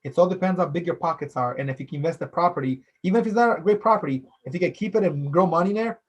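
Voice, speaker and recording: A man's voice: fairly high pitch, racing, dull audio. A man hosting a casual solo podcast, rambling loosely, repeating phrases and filling with "you know". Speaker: podcast host. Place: based in Philadelphia.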